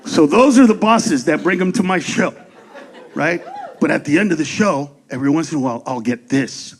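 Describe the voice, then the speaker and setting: A man doing stand-up comedy on stage into a handheld mic, loud, profane and punchy. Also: on the high side, expressive, normal speed, breathy edge.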